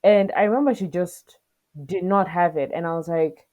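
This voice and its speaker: A young woman from southern Africa, co-hosting a podcast, tells a personal story with earnest emotion, acting out the back-and-forth she had with staff. Her voice is lowish and dark, at a moderate pace.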